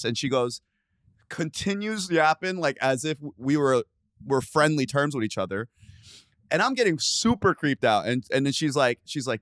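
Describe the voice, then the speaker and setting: A young man in his podcast host chair spins a story in loose, profane, everyday talk. His voice sits at an ordinary middle pitch and sounds close and dry, with no room around it. Every so often he breaks into a loud, heated burst before settling back down. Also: animated, moderate pace, no echo. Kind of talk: casual storytelling chat.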